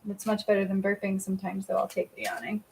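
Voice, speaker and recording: A woman's voice: mid-range voice, monotone, quick pace, gravelly, darkish tone, a little hiss or hum, rough recording. A woman reading cards and giving healings on a casual livestream, chatty, laughing often and swearing casually. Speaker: psychic reader and energy healer.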